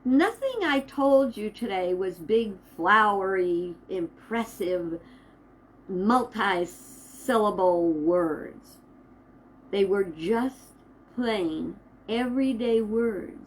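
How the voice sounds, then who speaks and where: Woman minister, inspirational talk to camera, slow measured delivery, emphatic pauses. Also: medium pitch, animated, rough recording.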